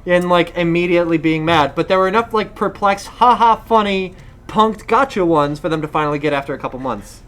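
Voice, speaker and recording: A man's voice: fairly high pitch, fairly quick, a bit bright. A man co-hosting a casual gaming podcast, easygoing and adding wry asides. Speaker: podcast co-host.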